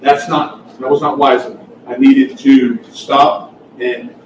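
A man preaching a sermon with impassioned emphasis that builds toward near-shouts. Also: mid-range voice, flat delivery, takes it slowly, a little hiss or hum. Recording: echoey hall, heard from far off.

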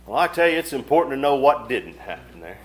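A man preaching a sermon, reading scripture aloud and breaking into fervent, sudden loud surges with quick casual asides. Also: medium pitch, very animated. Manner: reads scripture aloud in old-fashioned phrasing.

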